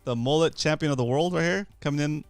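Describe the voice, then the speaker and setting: A man's voice: on the high side, quick pace, smooth, no echo, soft background music. Upbeat male host, dry close sound. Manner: upbeat, hypes viewers. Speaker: talk-show host. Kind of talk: casual talk-show chat, reading chat shout-outs.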